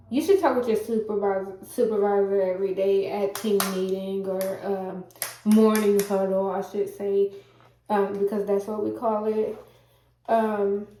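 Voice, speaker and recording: Woman, stuffy congested voice, mellow tone, rambling casual vlog chat, echoey room. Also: on the high side. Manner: rambling, many fillers and self-corrections; does her hair while talking. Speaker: vlogger giving work-from-home job advice.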